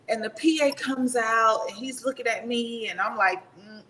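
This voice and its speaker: A woman in her fifties, a retired Army sergeant major, telling stories in a casual interview, animated and laughing as she talks. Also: on the high side, moderate pace, a little hiss or hum, poor audio.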